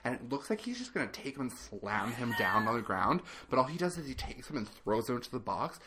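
A man's voice: mid-range voice, very animated, fast, noisy background. A man co-hosting a podcast in casual chat, with dry, matter-of-fact remarks. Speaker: podcast co-host.

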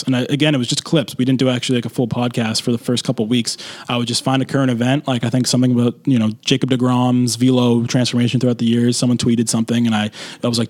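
A young man, host of his own show, telling his story casually and rambling, with lots of fillers and animated quoted asides. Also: mid-range voice. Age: young adult.

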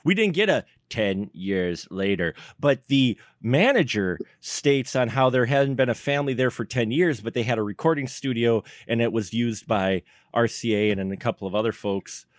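A man co-hosting a casual podcast, excitedly recapping a bad movie scene by scene and laughing often. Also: medium pitch, normal speed, few pauses, dry recording, studio quality. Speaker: podcast co-host.

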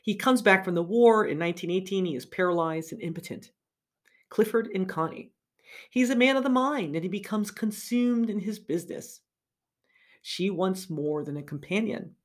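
A middle-aged woman giving an animated literature lecture, reading passages aloud and laughing between remarks. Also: fairly low pitch.

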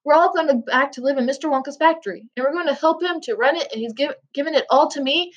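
An eager young boy, raised high and bright, as a woman reads him aloud. He talks in quick, breathless bursts of excitement. The recording is dull and lo-fi. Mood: excited.

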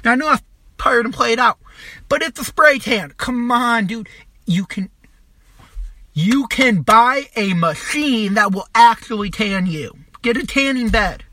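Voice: mid-range voice, measured pace, bright, forceful tone, no echo. A young adult podcast host delivering a crude, mocking comedic rant, swearing constantly and trailing off into restarts.

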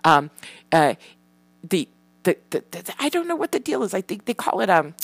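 A woman with a low voice talks frankly and at length to the camera. She swears freely, trails off and restarts with many fillers. The sound is close and dry. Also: sing-song, moderate pace, vocal fry, breathy edge, no room sound. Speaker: parent. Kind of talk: candid personal vlog.

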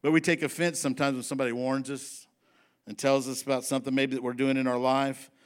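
A man preaching a sermon to his congregation in a folksy, emphatic style, slowing down to read scripture and speeding up for asides. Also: mid-range voice, little pitch movement. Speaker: pastor.

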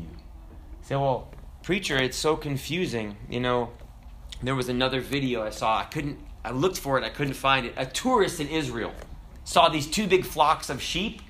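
A man preaching a sermon in a conversational, animated storytelling manner, with frequent asides to his listeners. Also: medium pitch, slight background noise.

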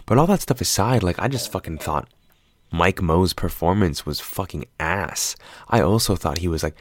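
A man's voice: low voice, no room sound, clean studio sound. A young adult man talking casually about films in a loose, profane, rambling way. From half Filipino, US-based. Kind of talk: casual film commentary.

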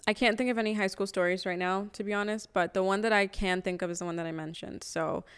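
A woman's voice: mid-range voice, fairly even intonation, fast, smooth. A young woman in her twenties, co-hosting a podcast, telling a story casually with a lot of swearing. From Toronto area, Canada. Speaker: podcast co-host.

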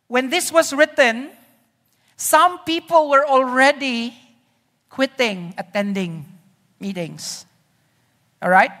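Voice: mid-range voice, sharp tone. A pastor preaching a teaching sermon in a church hall, conversational and often checking in with the congregation. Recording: long hall reverb.

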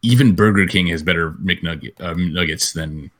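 A man's voice: deep voice, normal speed, a bit bright. A man co-hosting a comedy podcast in casual banter, stammering and repeating words. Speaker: podcast co-host.

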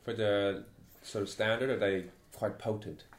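A man's voice: lowish voice, level tone, a little slow. A man playing a tabletop game, casual with dry jokes. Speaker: player. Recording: echoey room with people around.

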